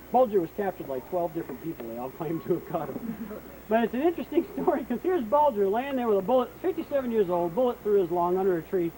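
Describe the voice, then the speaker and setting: A man guiding an outdoor battlefield tour, telling history as a lively story and acting out what people said. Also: high voice, low-quality recording. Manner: lively storyteller, acts out quotes. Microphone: hand-held camera. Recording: outdoor camcorder recording with noise.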